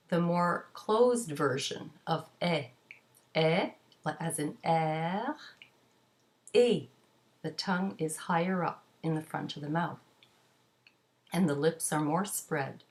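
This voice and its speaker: A woman gives a pronunciation lesson in a slightly low voice. She speaks very slowly and articulates every sound carefully, as if modelling it for learners. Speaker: French pronunciation teacher.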